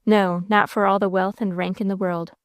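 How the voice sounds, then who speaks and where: A woman's voice: mid-range voice, little pitch movement, normal speed, no echo, natural voice. Woman reading as an ardent young suitor. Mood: indignant, resolute. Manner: pleading, emphatic. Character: ardent devoted young man, impassioned suitor.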